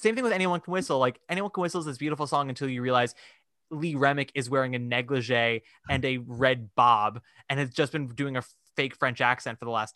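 A man co-hosting a casual podcast chat. He is animated and fills his talk with "like", acting out quoted reactions. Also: medium pitch, no echo, clean studio sound. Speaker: podcast co-host. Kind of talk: casual chat about musical theatre.

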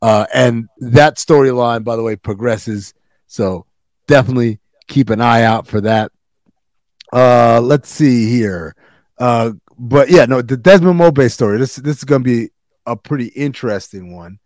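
A man talks through the latest episodes with his co-hosts, swearing freely and getting animated as he goes. His voice sits mid-range and sounds dry and close to the mic. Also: measured pace, no echo. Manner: animated, swearing, jumps into high voices for quotes. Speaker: podcast co-host. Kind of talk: casual recap chat.

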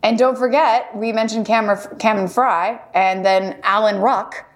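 A woman with a medium-pitched, steady voice talks at a measured pace as she co-hosts a podcast. She's bubbly and giggly, recapping an episode in casual chat punctuated by frequent laughs.

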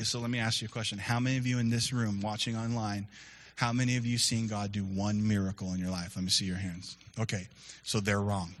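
Bright-voiced male pastor preaching. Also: fairly low pitch. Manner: storytelling, lively and conversational with laughs and sudden shouts. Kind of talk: sermon. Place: church service room.

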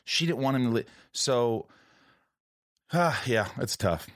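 A man's voice: medium pitch, normal speed, dry recording, clean studio sound. A young man hosting a casual, heartfelt conversation, speaking candidly with the odd swear word and acting out what others said. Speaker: podcast host.

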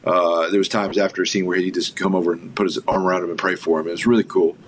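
A man's voice: sits low, flat delivery, quick pace, slight background noise. A man being interviewed as a filmmaker guest, telling anecdotes in an enthusiastic, casual storytelling way.

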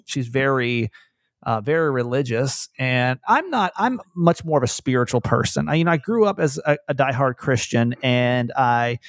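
A man hosting a podcast in casual chat, candid and rambling, with animated retellings. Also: mid-range voice, dry recording, studio quality. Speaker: podcast host.

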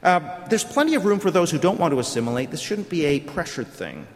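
A middle-aged man delivers a prepared speech at a conference, arguing point by point and posing rhetorical questions. His voice sits a little high for a man. The sound carries a long reverb from the hall around him. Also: sing-song, brisk. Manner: argumentative, lecturing with rhetorical questions. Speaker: conference speaker.

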